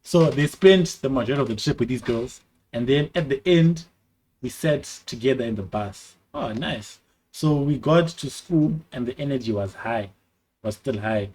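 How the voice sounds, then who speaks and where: A young man talking straight to his viewers on a stream. He is slangy and animated, and his pitch and loudness swing up and down as he reacts. His voice sits at an ordinary middle pitch for a man. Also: moderate pace, slight background noise. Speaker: streamer giving advice to viewers. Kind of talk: casual livestream advice chat.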